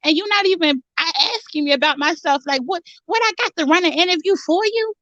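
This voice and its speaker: A woman's voice: very high voice, quick pace, bright, forceful tone, no room sound. A woman playing a brash, foul-mouthed Philadelphia woman. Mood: cocky. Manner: crude, combative, boastful. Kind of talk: comedic mock interview. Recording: dull lo-fi recording.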